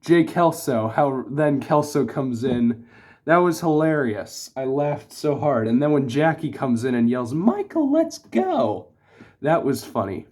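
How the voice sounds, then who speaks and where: A man's voice: mid-range voice, a little slow, darkish tone. Man giving a rambling casual review. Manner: rambling, full of "like" and restarts. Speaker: TV show reviewer.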